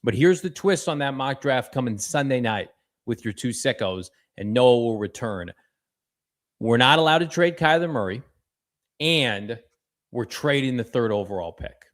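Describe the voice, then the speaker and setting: A man's voice: medium pitch, lively intonation, normal speed. A man co-hosting a casual sports podcast, talking energetically and reading fan messages aloud. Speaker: podcast co-host.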